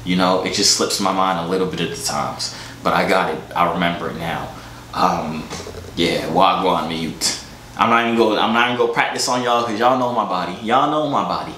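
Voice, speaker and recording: A young man talks to his viewers in a playful, bragging vlog style, loose with slang. His voice is bright and forward. The room around him rings with echo. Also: low-pitched, fairly quick, a little hiss or hum. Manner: joking, boastful, slangy. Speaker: vlogger. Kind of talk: comedic vlog chat. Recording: echoey room.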